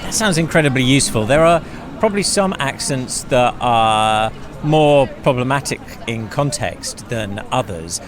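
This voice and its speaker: A man's voice: mid-range voice, lively intonation, a little slow. A man hosting a podcast, narrating between clips and asking friendly, curious questions. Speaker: podcast host.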